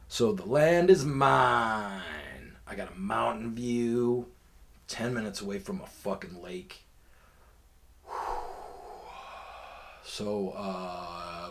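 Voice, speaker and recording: A man's voice: on the low side, takes it slowly, long pauses, a little hiss or hum. A man hosting a podcast, telling a long personal story in a rambling, profane way with lots of fillers. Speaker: podcast host. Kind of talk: casual storytelling.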